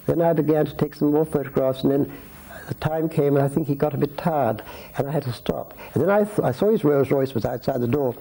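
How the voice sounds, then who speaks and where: Interviewed on film at his home, a Scottish man in his eighties who worked as a society photographer spins long, anecdotal tales with restarts and asides. His voice is on the high side and a bit fast, gravelly, dark and slightly rough, on a low-quality recording.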